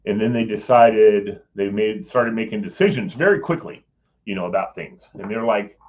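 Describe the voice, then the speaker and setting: A man's voice: lowish voice, moderate pace, a little mellow, a little hiss or hum. A man telling a personal story in a rambling, casual way, with some swearing, acting out what others said. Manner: rambling, swears, acts out quoted voices. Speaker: former Capitol Hill staffer telling a story. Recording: dull lo-fi audio.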